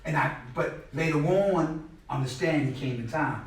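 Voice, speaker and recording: A middle-aged man telling stories at a class in a casual, animated way, often acting out what others said and repeating words. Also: on the high side, a little slow. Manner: animated, acts out quoted people loudly, repeats words. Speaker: guest speaker at a class. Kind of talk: conversational storytelling lecture. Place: indoor classroom space. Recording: very echoey room, mic far off.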